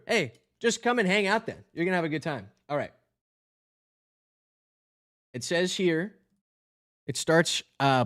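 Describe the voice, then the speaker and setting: A man's voice: fairly high pitch, fairly bright tone. A man casually reading a film script aloud on a stream, playful and jokey. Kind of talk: casual script read-along.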